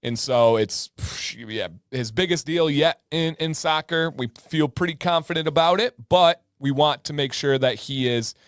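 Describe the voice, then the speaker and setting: A man in his thirties hosting a casual livestream, chatting with viewers and telling stories with lively sound effects. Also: on the high side, moderate pace, hardly any pauses, dry recording, studio quality. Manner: animated storyteller with sound effects. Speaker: livestream host.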